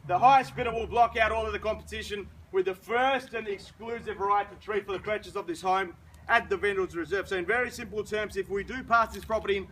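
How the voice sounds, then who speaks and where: A man's voice: sits high, fairly quick, a bit bright, a little hiss or hum, rough recording. An Australian man working as an auctioneer, addressing a crowd at an outdoor house auction in a showy sales patter.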